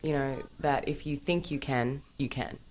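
A woman talking as a guest on a radio show, animated, opinionated and playful. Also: very deep voice, normal speed. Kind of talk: casual radio talk.

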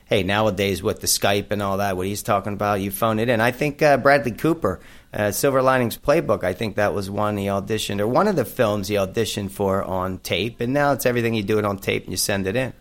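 A man's voice: on the low side, brisk. A middle-aged man hosting a radio talk show, upbeat and chatty, often starting lines with "hey". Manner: upbeat, says "hey" a lot, storytelling.

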